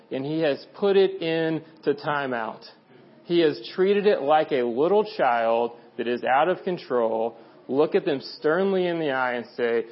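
A young adult man preaching a sermon in a conversational, animated storytelling way, acting out quoted voices. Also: on the high side. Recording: dull lo-fi sound.

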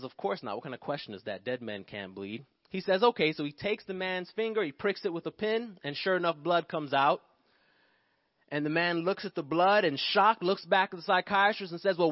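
A pastor preaching a sermon, building emphasis and calling out to the congregation. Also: male voice, sits high, no echo, muffled recording. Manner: preaching with rising emphasis and call-outs to the congregation.

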